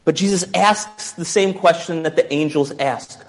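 Conversational man preaching a sermon, slightly high voice. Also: moderate pace. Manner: conversational, musing, self-interrupting with restarts. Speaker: pastor.

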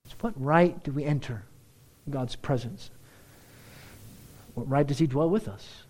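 A man preaching a sermon, building to excited, emphatic peaks. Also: medium pitch, unhurried. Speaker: pastor.

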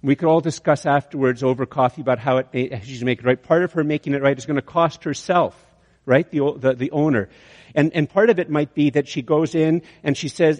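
A man's voice: on the high side, brisk, darkish tone. A man preaching a sermon, telling an illustration story with many restarts. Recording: long hall reverb.

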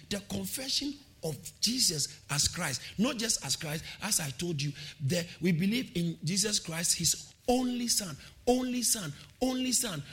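Animated high-voiced preacher calling out. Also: male voice. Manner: animated, shouts calls to the congregation, sing-song emphasis; repeats phrases, laughs between points. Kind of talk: sermon.

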